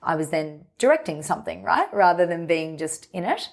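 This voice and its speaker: Aussie woman in her 30s, pretty low voice, chatting openly on a podcast, thoughtful and easygoing. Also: very animated, brisk, gravelly. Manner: open, reflective, speaks in long flowing runs. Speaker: podcast guest. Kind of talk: candid conversational interview.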